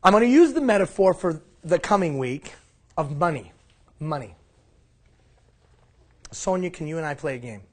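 A man leading a leadership workshop, animated and asking the room questions. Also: fairly high pitch, moderate pace, pauses often. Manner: animated, asks the room questions, acts out mock quotes. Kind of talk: live seminar talk. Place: classroom.

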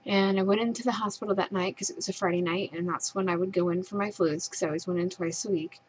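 A woman's voice: on the low side, fairly even intonation, fast talker, slightly rough, poor audio. A young woman vlogger earnestly retelling a distressing personal experience in her own words. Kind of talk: personal storytelling.

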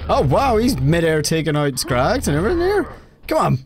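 A man commenting live as he plays a video game, excitable and joking, with sudden yelps. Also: a little high, normal speed, a little hiss or hum. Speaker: game streamer. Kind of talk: casual live-stream commentary while gaming.

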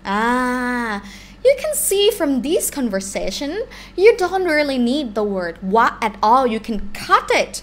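Animated Thai woman teaching. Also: high-pitched, normal speed. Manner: animated, switches between English and Thai examples. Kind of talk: live-streamed language lesson.

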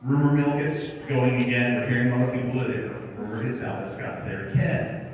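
A man's voice: mid-range voice, a little fast. A man organizing a convention, chatting to a live audience and telling a story, acting out the voices of the people in it. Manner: chatty, acts out quoted dialogue. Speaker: convention organizer addressing attendees. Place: large convention hall. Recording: echoey hall from far off.

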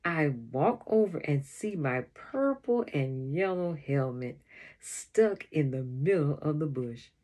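A woman reads a children's chapter book aloud, unhurried and expressive. Her voice sits a little low and is husky, with a tune that rises and falls widely. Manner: expressive first-person storytelling. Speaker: storybook reader.

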